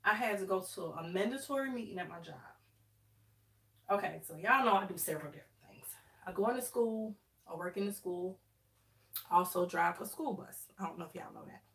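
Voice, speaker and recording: While fixing her hair on stream, a woman in her thirties chats with her audience in a medium-pitched, slightly bright voice at a fairly quick clip. She's talkative, says "y'all," and uses dialect grammar, recorded from a distance in an echoey room.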